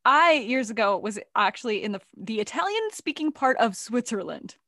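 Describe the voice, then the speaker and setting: A lively American woman hosts a podcast in a casual chat. Her voice sits a bit high and moves around a lot, and she plays out the voices in her stories. The sound is dry and close. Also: moderate pace, no room sound. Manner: animated storyteller, acts out quoted voices. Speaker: podcast host.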